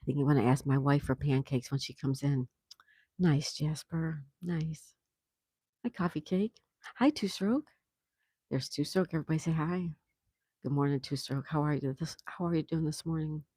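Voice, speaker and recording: A woman's voice: low voice, moderate pace, dark tone, husky, dry recording. A woman hosting a casual livestream outdoors, chatty and affectionate, reading viewer comments aloud. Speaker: livestream host.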